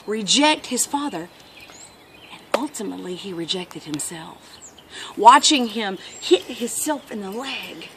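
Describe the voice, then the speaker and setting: A woman's voice: a little high, a bit bright, a little hiss or hum. A woman vlogger telling a story in a casual, earnest, reflective monologue.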